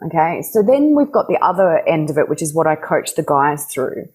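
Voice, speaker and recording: Woman coach on a podcast, low husky voice, lively, laughs a lot and acts out little dialogues. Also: brisk, poor audio. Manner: animated, laughs often, acts out quoted dialogue. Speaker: relationship coach. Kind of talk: podcast conversation.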